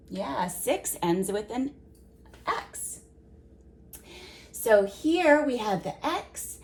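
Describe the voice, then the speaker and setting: A woman teaching a children's phonics lesson, sounding out words slowly and asking gentle questions of a young listener. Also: mid-range voice. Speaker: preschool teacher.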